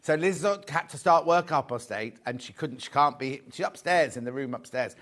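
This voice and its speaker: A man's voice: mid-range voice, moderate pace, fairly bright tone. A man presenting live shopping TV from a studio, chatting, joking and correcting himself as he reads out viewer messages. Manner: chatty, jokey, self-correcting as he goes. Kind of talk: live selling chat, reading viewer messages.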